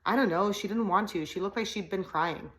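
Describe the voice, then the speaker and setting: A woman's voice: medium pitch, a little fast, natural voice. A bold, scheming teenage girl speaks eagerly and sounds pleased with herself, as a woman reads her aloud. It sounds like an audiobook reading, with the girl's lines close to the reader's own voice. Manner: eager, excited.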